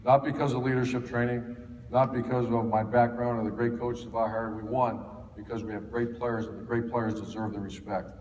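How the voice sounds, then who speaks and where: A middle-aged football coach from Ohio tells folksy stories to a clinic audience, full of fillers and restarts. His medium-pitched voice is flat, brisk, and darkish in tone, picked up by a distant mic in an echoey hall with faint ambience and a little hiss or hum.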